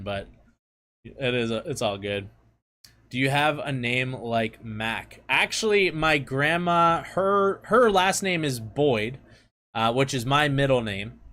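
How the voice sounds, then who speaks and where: A man talks casually to his viewers, his pitch swinging up and down as he goes. He is chatty and laughs easily. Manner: chatty, laughs often, animated. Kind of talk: casual chat.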